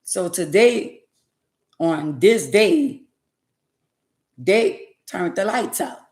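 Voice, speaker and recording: A woman casually telling viewers a story, lively with preachy asides in dialect speech. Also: medium pitch, extremely slow, echoey room.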